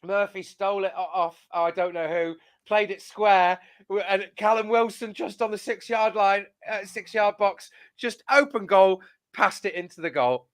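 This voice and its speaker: A man's voice: high voice, fairly bright tone, no room sound. A man co-hosting a fan football show, rambling and restarting as he talks. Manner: rambling, halting, many restarts. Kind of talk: casual football chat and live reactions.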